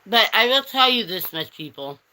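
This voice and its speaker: A woman's voice: medium pitch, animated, normal speed, sharp tone. A woman hosting a casual livestream, reading chat and teasing viewers with pet names like honey and darling.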